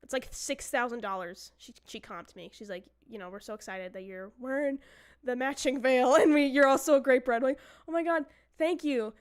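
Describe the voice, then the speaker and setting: Chatty, smooth-voiced woman storyteller. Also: sits high, brisk. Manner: chatty storyteller who acts out quotes and swears. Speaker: streamer. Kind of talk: casual chat.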